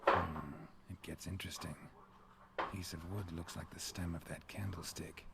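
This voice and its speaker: An actor playing a gruff, terse male monster hunter in a video game, muttering clipped observations to himself in a deep gravelly murmur. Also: steady tone, normal speed. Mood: musing. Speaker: game character. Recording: game audio with background noise.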